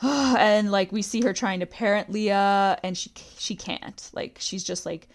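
A woman's voice: medium pitch, steady tone, a little slow. A woman hosting a podcast, casually recapping a reality show, talking with lots of "like" and quoting scenes. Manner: chatty, recounts scenes with quoted lines, frequent "like". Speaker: podcast host.

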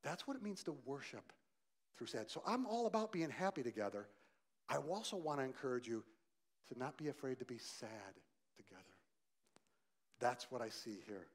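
A male pastor preaching a sermon, swinging from loud emphasis to quiet softness and asking the congregation direct questions. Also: medium pitch, sing-song, moderate pace, pauses often.

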